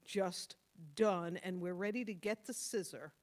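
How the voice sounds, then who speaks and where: Slow earnest woman preaching a sermon. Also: on the low side. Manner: earnest, motherly, emphatic with sudden drops to soft tones. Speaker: pastor. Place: church.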